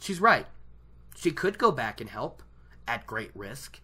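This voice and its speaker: Bright, chatty book recapper. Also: mid-range voice, sing-song, slow, breathy edge. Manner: chatty, rambling, self-correcting. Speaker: book reader discussing a chapter. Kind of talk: casual chapter recap. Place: at home by a laptop.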